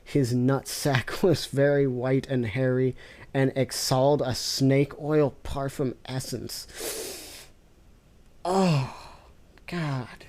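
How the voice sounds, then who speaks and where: A woman reading weird fanfiction aloud with deadpan, sarcastic asides. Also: very deep voice, slow. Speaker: fanfiction reader. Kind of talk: comic reading with reactions.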